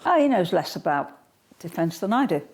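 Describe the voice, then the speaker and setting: A woman's voice: lowish voice, very animated, brisk, a little mellow. An older woman being interviewed at home, talking in a forthright, blunt, straight-talking manner. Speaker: guest. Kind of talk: political interview.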